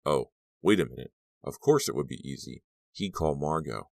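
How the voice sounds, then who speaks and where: A male audiobook narrator with an extremely deep voice who tells the story in a measured, brooding way. The recording is dry and close, with no room sound. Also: animated, creaky, no room sound. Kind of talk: scripted narration.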